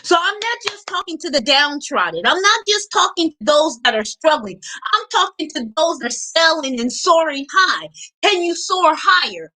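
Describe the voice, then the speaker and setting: Emphatic, bright-voiced woman coach. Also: high voice, very animated, moderate pace. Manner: emphatic, preachy, repetitive. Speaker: motivational coach. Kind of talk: live motivational talk.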